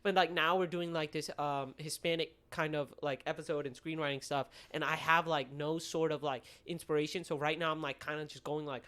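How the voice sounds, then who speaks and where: A man's voice: on the high side, steady tone, a little fast, hardly any pauses, a bit bright, clean tone. A young man co-hosting a podcast, talking casually and rambling, with many fillers as he searches for words. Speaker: podcast co-host. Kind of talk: casual chat.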